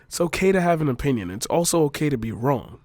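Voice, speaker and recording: A man's voice: fairly high pitch, big pitch swings, fast, a little mellow, dry recording. A young man ranting to camera, exasperated, sarcastic and profane. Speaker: vlogger. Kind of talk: frustrated opinion rant to camera.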